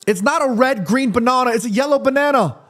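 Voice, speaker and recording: A man from Korea hosting a live football watchalong stream, reading chat aloud, eating snacks and reacting loudly to the match. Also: very high voice, fast talker. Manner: chatty, reads chat aloud, excited shouts at match action.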